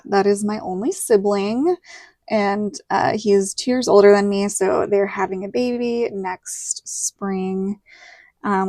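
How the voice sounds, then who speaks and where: A woman's voice: mid-range voice, darkish tone, dry recording. Chatty Southern woman in her thirties. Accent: Southern American. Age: 30s. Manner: chatty storytelling with lots of likes and quoted dialogue. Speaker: planner vlogger. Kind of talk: casual chat while decorating a planner.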